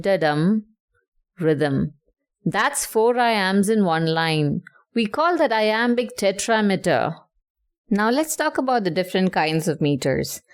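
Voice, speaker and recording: A woman teaching a lesson, explaining clearly and patiently and stressing syllables to show rhythm. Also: mid-range voice.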